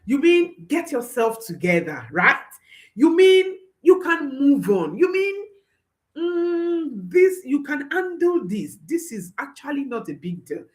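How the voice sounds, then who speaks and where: A woman parenting coach advises viewers in a high-sitting voice with big pitch swings and a slow pace. She is emphatic, often repeats her phrases, and checks in with a questioning "hmm?".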